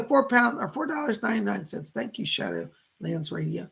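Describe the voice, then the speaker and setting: A man hosting live-stream psychic readings from his computer, greeting viewers with excitement and relaying spirit messages. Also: sits high, a little fast, creaky, few pauses, husky. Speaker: psychic medium host.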